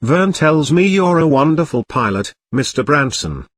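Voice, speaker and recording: A man's voice: on the high side, very animated, normal speed. A man reading a storybook parody, voicing a prim, gushing snobbish aunt.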